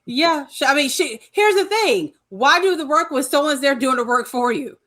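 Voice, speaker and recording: Bright, emphatic woman podcast co-host. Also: high voice, expressive, normal speed. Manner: emphatic, chiming in with agreement. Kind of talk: casual recap chat.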